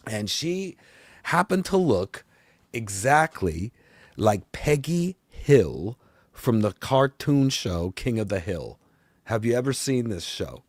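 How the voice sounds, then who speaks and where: A man's voice: on the low side, no room sound. A man playing a boastful vampire talk-show host, telling a rambling, exasperated story and swearing along the way. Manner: rambling and exasperated, swears, voice often climbs and grows loud. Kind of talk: comedic rant.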